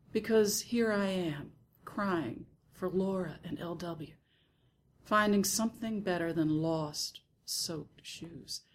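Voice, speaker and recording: A woman narrating a first-person literary story in a soft, hushed, intimate reading. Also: lowish voice, slight background noise. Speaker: audiobook narrator.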